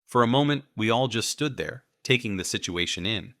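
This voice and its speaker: A man reading a first-person urban fantasy audiobook in a measured, steady way. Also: mid-range voice, dry recording, clean studio sound. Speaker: audiobook narrator.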